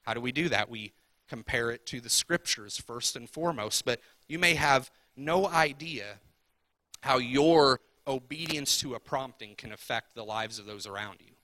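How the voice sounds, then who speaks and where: A man's voice: medium pitch, moderate pace, bright, forceful tone, no room sound. A man preaching a sermon as pastor, talking conversationally and asking the congregation repeated rhetorical questions.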